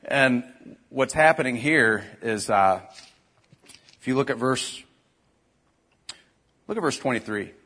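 A man's voice: medium pitch, animated, slow, pauses often, bright, forceful tone. A man preaching a conversational sermon, swinging from easy talk to emphatic bursts. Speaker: pastor.

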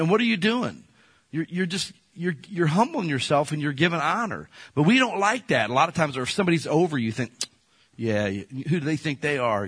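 A middle-aged man preaching a sermon in church, talking in a conversational way that swings from loud to soft. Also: a little high, husky. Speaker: pastor.

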